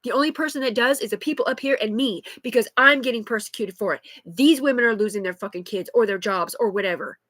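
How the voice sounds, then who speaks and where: A high-pitched woman in her thirties rants in a loose, rambling live monologue, swearing constantly. Her voice is close and dry, picked up on a phone. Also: fast, few pauses, a bit bright, dry recording. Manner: agitated, rambling, heavy swearing. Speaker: livestreamer.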